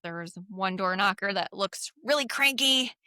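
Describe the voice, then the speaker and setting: A middle-aged woman co-hosting a podcast, retelling a film scene by scene with animated quoted lines. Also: medium pitch, unhurried, smooth, dry recording. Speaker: podcast co-host. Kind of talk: casual chat.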